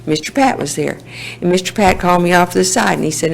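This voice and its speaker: Lady telling her recovery story, gravelly voice, homespun and plain, bit of hiss behind. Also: on the low side, fast talker, low-quality recording. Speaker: recovery meeting speaker. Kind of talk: personal testimony talk.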